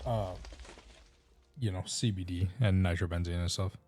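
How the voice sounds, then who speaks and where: Indian-accented streamer, low dry voice. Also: male voice, steady tone, moderate pace, darkish tone, no room sound, soft background music. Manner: rambling, restarts sentences while explaining plans. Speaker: game streamer. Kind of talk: casual live-stream chat.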